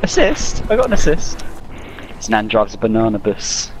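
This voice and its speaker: A man hosting casual gaming chat with friends, playful and excitable, laughing a lot. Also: fairly low pitch, normal speed, soft background music, low-quality recording. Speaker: gaming channel host.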